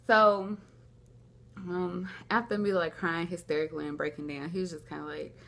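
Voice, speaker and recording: A woman's voice: fairly low pitch, steady tone, normal speed, creaky, a bit bright. A young woman vlogging at home, telling a personal story in a rambling, casual way, acting out what people said. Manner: rambling, lots of "like", acts out quoted dialogue. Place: at home, indoors.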